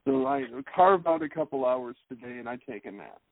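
A man co-hosting a casual podcast, telling a story in an animated, wry way. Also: medium pitch, a little fast, gravelly, no room sound. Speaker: podcast co-host. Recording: narrow phone-like sound, dry.

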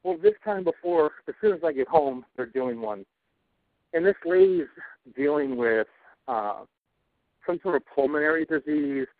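A man's voice: on the high side, very animated, moderate pace, no echo. A man co-hosting a casual talk show, ranting about television with heavy swearing. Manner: ranting, profane, cranky. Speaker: podcast co-host. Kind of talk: casual chat. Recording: tinny phone-like audio, dry.

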